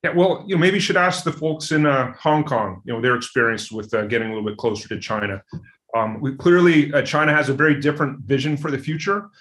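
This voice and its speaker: Fast-talking male interview guest. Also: medium pitch, a bit bright. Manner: quick, with many fillers and repeated words. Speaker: interview guest, security expert. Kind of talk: interview answers.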